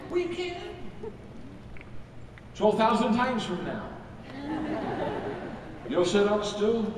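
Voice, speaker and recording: A man's voice: high voice, expressive, takes it slowly, background noise. Older man speaking in a big echoing hall. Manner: folksy storytelling, quotes imagined audience voices. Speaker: keynote speaker. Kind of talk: motivational stage talk. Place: large event hall. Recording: echoey hall with crowd, from far off. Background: live audience laughter.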